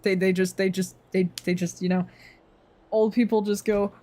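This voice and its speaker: A woman's voice: mid-range voice, little pitch movement, moderate pace, warm tone. A young woman streamer chatting casually, ranting in a rambling, profane way with frequent laughs.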